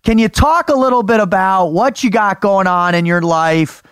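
A man hosting a podcast, his voice high and smooth, tossing out eager, salty banter. The sound is dry and close. He keeps the tone casual as he asks his guest questions. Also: normal speed, fairly bright tone, dry recording. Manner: enthusiastic, profane banter. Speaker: podcast host. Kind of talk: casual interview.

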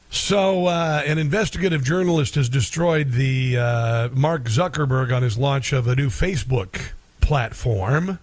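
A man's voice: mid-range voice, measured pace, no room sound. A middle-aged man hosting a talk radio show in a rambling, sarcastic, folksy monologue.

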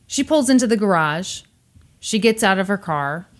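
A woman hosting a podcast, retelling a true crime story in casual chat with animated, sarcastic asides. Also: medium pitch, normal speed.

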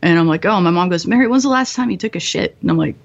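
A young woman guest in her twenties, telling dark stories bluntly and profanely, often laughing, in a slightly muffled recording. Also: lowish voice, expressive, very fast, gravelly. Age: 20s. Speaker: guest, former bomb disposal technician. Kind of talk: candid storytelling interview.

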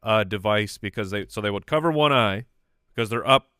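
A man's voice: fairly low pitch, a little fast, pushed and bright, clean tone, dry recording, studio quality. A playful American man co-hosting a podcast, joking around and throwing in goofy bits. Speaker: podcast co-host. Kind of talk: casual chat.

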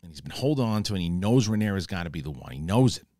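Male host, low voice, dry close sound; casual, profane, excitable recap of a TV episode. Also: very fast, dry recording. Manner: profane, excitable retelling with acted-out quotes. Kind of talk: casual spoken TV episode review.

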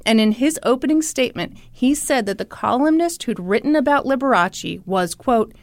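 A woman co-hosting a podcast, telling a story in casual chat with a playful, animated manner. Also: fairly high pitch, moderate pace, hardly any pauses, dry recording. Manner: animated, playful, breaks into laughter. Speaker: podcast co-host.

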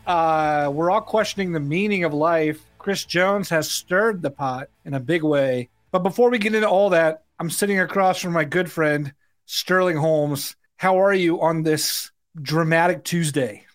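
A man's voice: a little high, a little slow, soft background music. A man around forty co-hosting a sports podcast, talking loosely with lots of fillers and "like"s. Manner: loose and chatty, many fillers and "like"s. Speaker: podcast co-host. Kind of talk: casual sports podcast chat.

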